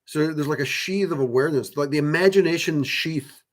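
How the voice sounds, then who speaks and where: A man's voice: fairly high pitch, fairly quick. Rambling man musing on spiritual energy. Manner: rambling, many fillers and restarts, swears casually. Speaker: channel host. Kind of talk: casual spiritual talk to viewers.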